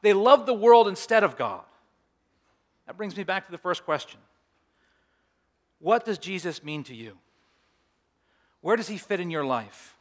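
A man's voice: sits high, big pitch swings, a little slow, long pauses. A middle-aged male pastor preaching a sermon in a conversational way, with humorous asides.

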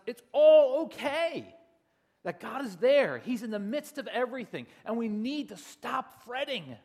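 High-voiced man preaching conversationally. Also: big-room sound. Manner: conversational, anecdotal, many "you know" asides. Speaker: pastor. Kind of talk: sermon.

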